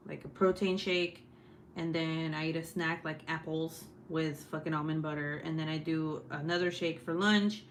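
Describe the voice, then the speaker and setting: A woman around thirty hosting a casual live stream, talking loudly with plenty of swearing and laughter. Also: on the low side, slight background noise. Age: 30s. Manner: loud and profane, laughing often. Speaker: host.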